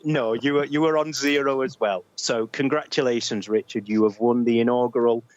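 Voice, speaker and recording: A man's voice: mid-range voice, steady tone, moderate pace, dull audio. A man with a Northern English accent hosting a casual podcast quiz, reading clues carefully and chuckling between answers. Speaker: podcast quizmaster.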